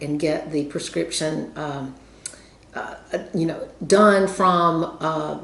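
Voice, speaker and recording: A woman with a Southern American accent, telling a story casually to her viewers in a chatty, rambling way with lots of fillers. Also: sits low. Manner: chatty, rambling with many fillers, laughs often. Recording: roomy echo.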